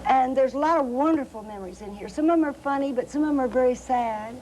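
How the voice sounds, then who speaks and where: A woman's voice: sits high, fast, darkish tone, a little hiss or hum, low-quality recording. A middle-aged woman from southwestern Virginia with a Southern Appalachian accent, telling family stories in an interview and laughing often. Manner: chatty, laughing storyteller, many fillers. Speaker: interview guest, cookbook author. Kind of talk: anecdotal storytelling in an interview.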